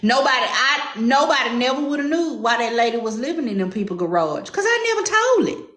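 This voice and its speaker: Southern lady with a drawl going off, sharp bright voice, kinda roomy sound. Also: high voice, big pitch swings, fairly quick. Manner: sassy, confrontational, drawling. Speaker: commentary show host. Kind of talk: heated commentary chat.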